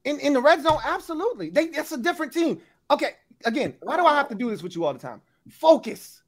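High-voiced man in a heated sports argument. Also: quick pace. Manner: animated, laughing, talks over others. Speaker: sports debate panelist.

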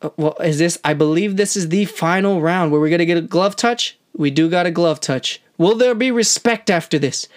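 A woman giving amateur live reaction commentary on a boxing match, excitable and slangy, often talking straight to the fighters. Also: on the low side, moderate pace, few pauses. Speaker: channel host, amateur commentator.

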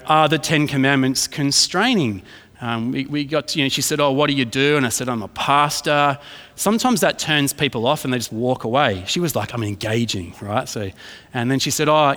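A man's voice: on the high side, a bit bright. A man, a pastor preaching a sermon in a casual storytelling way, often checking in with "right?". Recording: reverberant hall.

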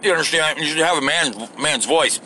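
Outdoors, with a little background noise, a male podcast host rants off the cuff in a crude, sarcastic manner, swearing nonstop. His voice sits a little high and sounds pushed and bright, moving at a fairly quick clip.

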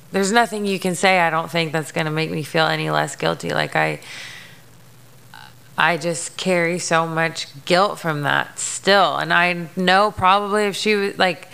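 A young woman hosts her podcast in a frank, emotional monologue. Her voice has a gravelly fry, yet it stays smooth and resonant. She swears freely and leans on fillers. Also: on the low side, pushed and bright. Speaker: podcast host. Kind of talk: candid personal monologue.

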